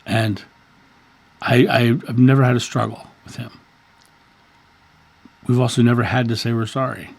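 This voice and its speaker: Fifties male host, raspy and gravelly, earnest story told in a casual talk. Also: medium pitch, little pitch movement, normal speed, long pauses. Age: 50s. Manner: earnest, repeats words while telling a story. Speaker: spiritual channel host.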